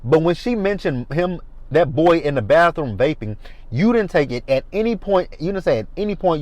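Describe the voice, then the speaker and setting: A man giving a sassy, animated, swearing commentary on a reality TV episode. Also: fairly high pitch, moderate pace, no room sound. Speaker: reality TV reviewer. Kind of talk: casual commentary.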